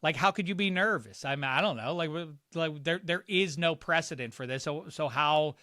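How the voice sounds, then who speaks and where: Man, middle-aged, warped Pittsburgh-ish accent, jokey podcast guest, slightly high voice, dry close sound. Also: normal speed, no echo. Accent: warped, hard-to-place Pittsburgh-influenced American. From Pittsburgh area. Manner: animated, jokey, breaks into comic impressions. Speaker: guest sports analyst. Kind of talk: casual sports podcast chat.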